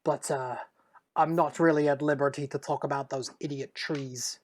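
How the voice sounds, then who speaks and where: A woman voicing a gruff male dwarf guard who is blunt and says "aye". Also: low voice, fairly even intonation, moderate pace. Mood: friendly. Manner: blunt, uses old-fashioned "aye".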